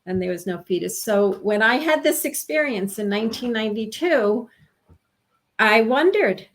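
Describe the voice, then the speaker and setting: Recounting something she lived through, an interview guest in her sixties from New York speaks animatedly yet haltingly and earnestly. Her voice is somewhat high, and she repeatedly cuts herself off to begin sentences anew.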